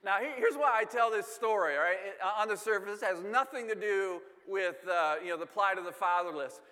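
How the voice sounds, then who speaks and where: Man, humorous storytelling talk, repeats words, slightly higher pitch, echoing hall. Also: brisk, bright, forceful tone. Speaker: speaker telling a family story.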